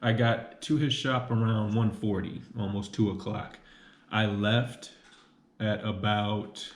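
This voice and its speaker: A young man with a fairly low voice talks casually to the camera, circling back and repeating points with plenty of "um"s. The sound is roomy and echoey, as though he is filming in a bare room at home. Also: level tone, slow pace. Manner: rambling, repeats himself, many "um"s. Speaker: vlogger. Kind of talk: casual vlog monologue.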